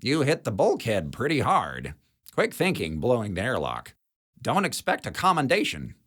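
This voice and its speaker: A man's voice: medium pitch, wildly swooping pitch, normal speed, a bit bright, slightly rough, pitched above the performer's own voice, full character voice. A man voicing a blunt, jaded female security chief who smokes and talks in a dry, sardonic way.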